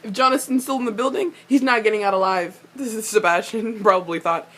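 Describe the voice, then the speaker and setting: A young woman giving a casual fan recap of a TV episode, gushing and ranting at the characters, swearing freely and laughing often. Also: brisk. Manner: excitable, swears a lot, gushes and rants at characters; laughs often, squeals high when excited. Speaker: fan reviewer reacting to a TV episode.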